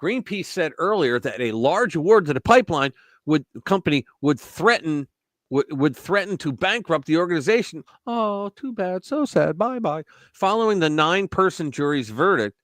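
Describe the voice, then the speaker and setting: A man's voice: a little high, expressive, moderate pace, a bit bright, no echo, clean studio sound. A man hosting a casual live-stream commentary show, blunt and profane, laughing at his own jokes. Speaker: host.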